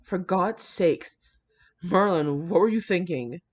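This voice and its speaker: A woman reading the lines of a tense, worried young prince in a flat, clipped way, on dull lo-fi audio. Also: lowish voice, slow pace. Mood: angry.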